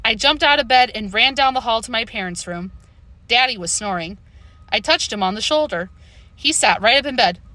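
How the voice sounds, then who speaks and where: A woman narrating a children's book with an expressive storytelling delivery, close to the mic. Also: fairly high pitch, moderate pace, no echo. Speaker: audiobook narrator.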